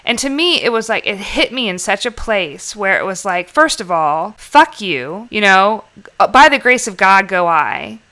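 A woman talking casually on a podcast, rambling and emphatic, breaking into laughter often. Her voice is bright and clear, with a crisp edge. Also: mid-range voice, big pitch swings, measured pace. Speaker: podcast co-host. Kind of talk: casual conversation.

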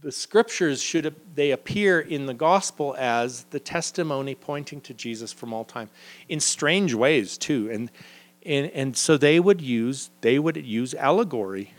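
A man giving a live Bible teaching to a group in a room, lively and acting out the people he quotes. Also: a little slow. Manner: lively, acts out quoted figures with sudden pitch jumps.

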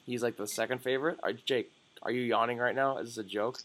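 A young man hosting a sports podcast, talking in an excitable, jokey way and swearing freely. His voice sits at a middle pitch and sounds youthful. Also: quick pace. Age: young adult. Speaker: podcast co-host. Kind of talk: casual sports podcast chat.

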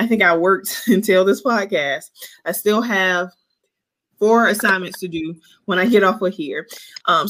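A woman in her thirties hosting a casual faith podcast, speaking in an earnest, animated, preachy way while eight months pregnant. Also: fairly low pitch. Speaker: podcast host. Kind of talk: casual Christian podcast chat.

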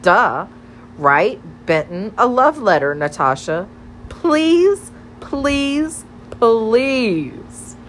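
A woman's voice: medium pitch, big pitch swings, a little slow, fairly bright tone, slight background noise, rough recording. A woman reading an audiobook, voicing a bubbly, teasing teenage girl who chatters playfully and pushes her shy friend.

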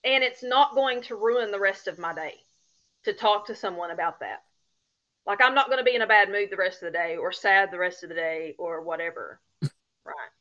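A woman's voice: mid-range voice, moderate pace, a bit bright, dull audio. A woman from Appalachia in the United States, a guest on a podcast, chatting casually and laughing often at herself. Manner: laughs often, self-deprecating.

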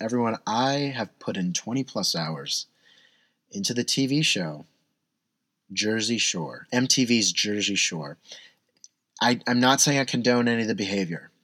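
Young guy rambling to camera, kinda husky, lowish voice, dry close sound. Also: a bit bright, no echo. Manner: rambling, self-deprecating, with many restarts. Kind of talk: casual monologue.

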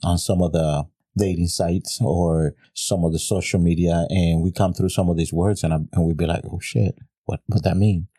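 Deep-voiced profane middle-aged man. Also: little pitch movement, moderate pace, hardly any pauses, dark tone, dry recording, clean studio sound. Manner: profane and laughing often. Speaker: podcast co-host. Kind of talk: casual chat.

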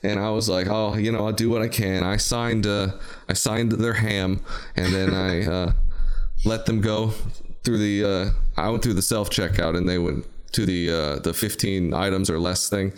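A man's voice: low-pitched, fairly even intonation, measured pace, clean tone. A man hosting a podcast in casual chat, telling rambling, jokey stories. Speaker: podcast host.

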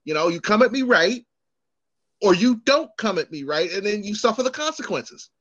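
Animated middle-aged man telling stories. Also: high voice, moderate pace, no room sound, muffled recording. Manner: animated, acts out quoted voices, swears freely. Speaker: podcast host. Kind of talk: casual storytelling chat.

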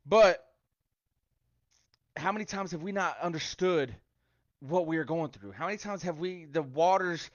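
Man, slightly high voice, casual joking devotional host, dry lo-fi sound. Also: a little slow, pauses often, no room sound. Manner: chatty, joking, quotes scripture. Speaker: online devotional speaker. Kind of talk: casual devotional livestream talk.

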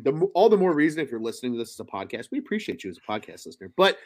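A man hosting a live sports podcast, chatting with energy and telling stories in an animated way. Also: mid-range voice, racing. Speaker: podcast host.

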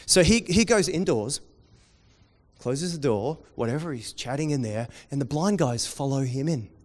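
Male preacher, sermon delivery, long hall echo, shifting from hushed to energetic. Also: on the high side, normal speed. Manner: swings from quiet intensity to loud excited storytelling.

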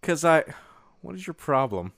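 Man, podcast co-host, playful joking chat, lively up-and-down pitch, dry close sound. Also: normal speed, vocal fry, dry recording. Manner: joking, laughs often. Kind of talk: casual chat.

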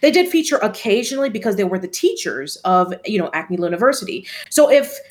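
A woman's voice: mid-range voice, big pitch swings, fairly quick. A woman co-hosting a podcast in casual chat, talking in a chatty way with many fillers and restarts. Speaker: podcast co-host.

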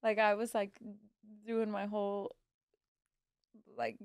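A woman's voice: mid-range voice, little pitch movement, takes it slowly, clean tone, no echo, clean studio sound. A young woman from Missouri, co-hosting a podcast, telling a story in casual chat and acting out what people said, swearing freely. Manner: chatty storyteller, acts out quotes, swears freely. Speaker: podcast co-host.

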